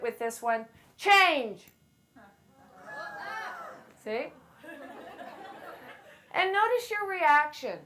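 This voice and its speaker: Playful woman speaker with a bright voice. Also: sits high, slight background noise. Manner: playful, self-deprecating storyteller who acts out quotes loudly. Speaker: speaker at a women's event. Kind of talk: motivational talk to a live audience. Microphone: handheld mic.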